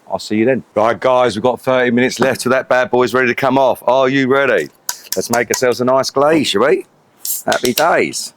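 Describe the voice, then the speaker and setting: A middle-aged man hosting a casual outdoor cooking vlog, chatty, cheeky and full of swearing. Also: medium pitch. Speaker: cooking channel host. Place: outdoors at a grill.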